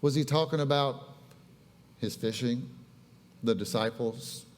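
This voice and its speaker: A man's voice: mid-range voice, measured pace. A male pastor preaching a casual sermon, chatting with the congregation and telling stories in a conversational way. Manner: conversational, storytelling with audience asides. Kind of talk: casual sermon with live demonstration. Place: church sanctuary. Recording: long reverb of a church hall.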